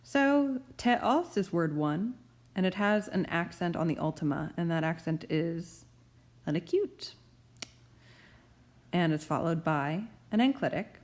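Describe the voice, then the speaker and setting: Woman teaching slowly, slightly low voice. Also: lively intonation, a little mellow. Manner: slow, deliberate emphasis on key terms. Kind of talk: explaining grammar rules.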